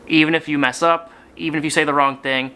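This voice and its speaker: A man's voice: fairly high pitch, steady tone, fast talker, sharp tone, clean tone. A young man hosting his channel, making an earnest direct-to-camera appeal to his viewers, speaking sincerely and emphatically in strings of short phrases. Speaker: YouTube channel host.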